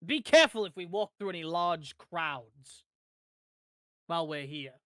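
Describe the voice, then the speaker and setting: Formal polite player voice, bright, dry mic. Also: mid-range voice, lively intonation, measured pace, no room sound. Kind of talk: in-character tabletop play.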